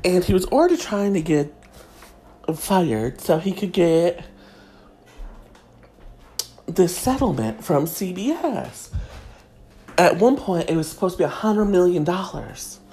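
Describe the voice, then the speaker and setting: A woman's voice: on the low side, big pitch swings, a little slow, long pauses, mellow, slight background noise. A woman delivering a sassy, mock-prim comedic gossip monologue as host.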